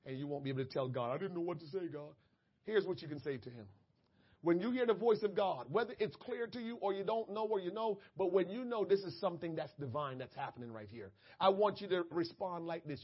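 Fervent high-voiced male preacher, lo-fi. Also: lively intonation, quick pace, husky. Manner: fervent preaching that swings from quiet asides to shouted, tearful prayers. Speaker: pastor. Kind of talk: sermon. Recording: dull lo-fi church audio.

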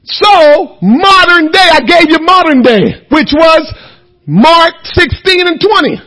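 A man delivers a fiery sermon. He shouts and cries out, then sinks to hushed tones. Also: very high-pitched, animated, takes it slowly, poor audio. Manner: shouting, crying out, swinging from loud to hushed. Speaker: preacher.

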